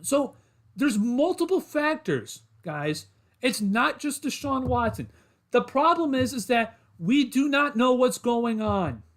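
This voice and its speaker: A man's voice: very high voice, very animated, slow, a bit bright. A man hosting a solo sports podcast livestream, talking to his chat in a frustrated, repetitive rant.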